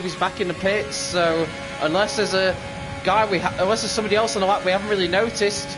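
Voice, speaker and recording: A man calls a sim racing session in an upbeat, chatty way, peppered with fillers. His voice sits a little high. A music bed plays clearly beneath him. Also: steady tone, fast. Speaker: lead commentator.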